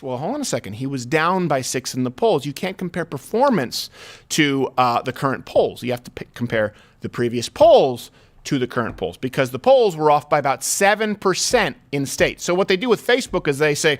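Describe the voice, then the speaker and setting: Sarcastic guy hosting a chat show, highish voice, bouncy and lively. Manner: animated, sarcastic, rapid-fire. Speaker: host. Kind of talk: casual political chat.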